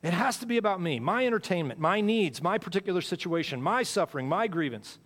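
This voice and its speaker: A pastor giving a sermon in a church. He talks in a conversational way, repeats his phrases for emphasis, and swings between loud and quiet. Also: sits high, expressive, fast. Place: church sanctuary. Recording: long hall reverb.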